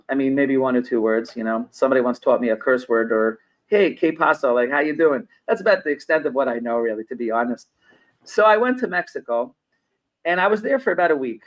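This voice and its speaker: A man's voice: medium pitch, animated, brisk, poor audio. A middle-aged man from New York, a business consultant and podcast guest, who explains his points through personal anecdotes and repeats phrases for emphasis. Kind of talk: conversational podcast interview.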